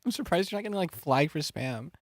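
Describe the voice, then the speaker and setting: A man's voice: a little high, lively intonation, fast, dry recording, studio quality. A man streaming live, chatting casually with his viewers, rambling with fillers and giggling often.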